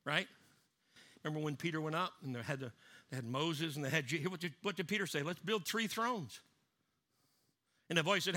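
A male preacher delivers a sermon in a bright, forceful, slightly high voice. He swings between loud, emphatic bursts and low, hushed asides to drive his points home. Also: brisk. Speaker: pastor.

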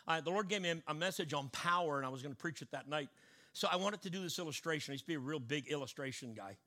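A male preacher delivering a sermon in a high, bright voice. He tells stories in hushed asides, then rises into loud declarations.

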